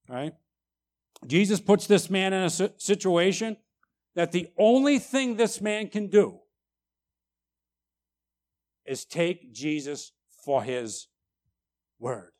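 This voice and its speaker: A man preaching a sermon, emphatic, tagging lines with "right?" and swinging between loud and quiet. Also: high voice, expressive, takes it slowly, pauses often. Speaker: pastor.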